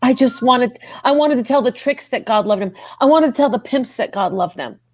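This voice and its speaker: A woman's voice: on the high side, expressive, a little fast, dry recording. A woman guest on a podcast telling her personal story of faith, earnest and repeating herself as her voice rises when she is moved. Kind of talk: emotional personal testimony.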